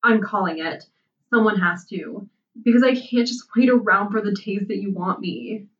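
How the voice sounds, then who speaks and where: A woman's voice: mid-range voice, moderate pace, close to an everyday voice. A woman voicing a heartbroken young woman in a read-aloud story, her voice strained but firm. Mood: resolute. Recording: distant, dull lo-fi mic.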